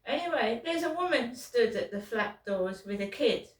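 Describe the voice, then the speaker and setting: In pain and vlogging, a middle-aged British woman rambles and curses, often restarting and stumbling over her words. Her a-little-high voice is expressive at a moderate pace, recorded from a distance in an echoey room, like a rambling personal monologue.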